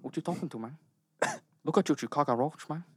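A man putting on a hot-tempered gangster, taunting and menacing, with his voice pushed higher than usual. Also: a little fast, husky, no room sound, clean studio sound.

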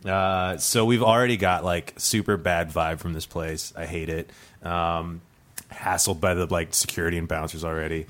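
A man's voice: low voice, fairly even intonation, moderate pace, fairly bright tone. A man telling a true story as a comedy podcast guest, rambling and full of fillers, often breaking into laughter.

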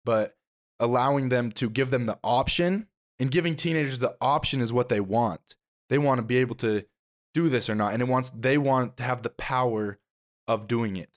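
A teenage boy, a guest on a podcast, talking earnestly in long run-on thoughts. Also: medium pitch. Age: teens. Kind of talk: casual podcast chat.

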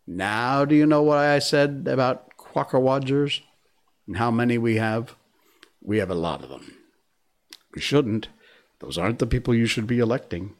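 A man's voice: mid-range voice, normal speed. A middle-aged man hosting his own show, talking casually and joking with viewers in a rambling monologue. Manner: chatty, joking, rambling asides. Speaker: show host.

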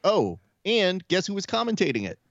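A man's voice: high voice, sing-song, normal speed, gravelly, no room sound, muffled recording. A man co-hosting a podcast, telling loose, profane stories and acting out the voices of people he quotes. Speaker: podcast co-host. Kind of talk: casual chat.

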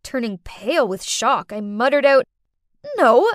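A young woman narrating a first-person animated story in a dramatic, exclaiming manner. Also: on the high side, measured pace, no room sound, clean studio sound. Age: young adult.

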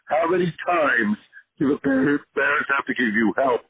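A hoarse man co-hosting a sports podcast, ranting with passion. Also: fairly high pitch, lively intonation, normal speed. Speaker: podcast co-host. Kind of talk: casual sports podcast chat. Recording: tinny phone-line sound, dry.

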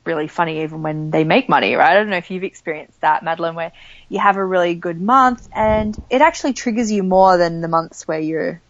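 A woman talking as a money coach in a casual chat, telling lively stories and acting out the voices of the people in them. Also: on the low side, fairly quick, highs cut off. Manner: animated storyteller, acts out quoted voices. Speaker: money coach, podcast guest.

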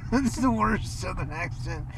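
Slow-talking woman podcast host. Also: mid-range voice, expressive. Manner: rambling, chuckling storyteller with restarts. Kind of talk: casual family podcast chat and storytelling.

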